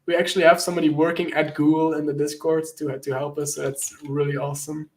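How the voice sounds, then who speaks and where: A man's voice: a little high, level tone, quick pace, a little mellow. A man who is a penetration tester and content creator, talking casually as a guest, enthusiastic and laughing at his own jokes. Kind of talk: casual interview talk.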